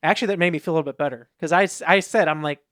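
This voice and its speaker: This man's fairly high, slightly bright voice comes at a rapid-fire clip as he co-hosts a podcast. Chatting casually, he wanders through stories and raises his voice to act out what others said, all captured in clean studio sound with no room echo.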